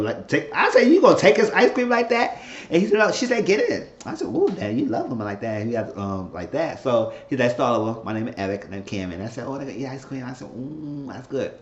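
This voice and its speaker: A man's voice: mid-range voice, darkish tone. A man casually recapping a TV episode, acting out the characters' lines as he retells it. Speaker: show recap host. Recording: echoey room, dull lo-fi sound.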